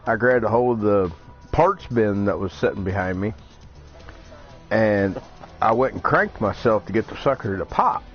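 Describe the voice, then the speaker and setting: Older man, low voice, salty and laid-back, swears freely while telling a story, muffled lo-fi audio with soft music behind. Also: normal speed. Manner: crude, salty, easygoing storyteller. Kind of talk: casual storytelling chat.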